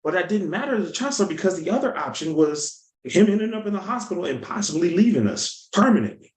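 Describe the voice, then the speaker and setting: A man teaches sales in a lively, storytelling way, his pitch bouncing up and down as he acts out quotes. His voice sits a little high for a man. The room around him is echoey. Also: quick pace. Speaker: sales coach. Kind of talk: motivational teaching talk.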